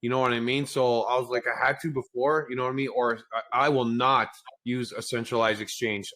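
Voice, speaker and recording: A man's voice: mid-range voice, fairly even intonation, brisk, pushed and bright. A man hosting a casual crypto call, rambling and joking with frequent laughs. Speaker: host.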